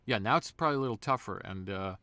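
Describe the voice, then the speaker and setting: Animated man telling stories, dry sound. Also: fairly low pitch, fast, dry recording. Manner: animated storyteller, slips into voices. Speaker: guest voice actor. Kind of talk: casual interview chat.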